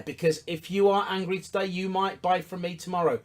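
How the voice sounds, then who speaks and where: A man's voice: high-pitched, steady tone, a little fast, few pauses. A man giving a business coaching talk, emphatic and repetitive, asking rhetorical questions and hammering his points.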